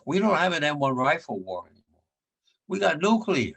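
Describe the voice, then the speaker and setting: A man's voice: on the high side, big pitch swings, a little fast, creaky, long pauses, a bit bright, husky. A man in his nineties giving a blunt remembrance talk as a war veteran, repeating his points with rising force. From United States. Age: 90s.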